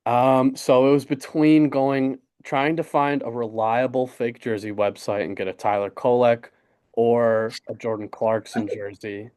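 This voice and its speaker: A man's voice: medium pitch, little pitch movement, unhurried, a little mellow, clear, resonant tone. A young man, co-hosting a podcast in casual, rambling sports chat full of fillers and restarts. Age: young adult. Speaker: podcast co-host.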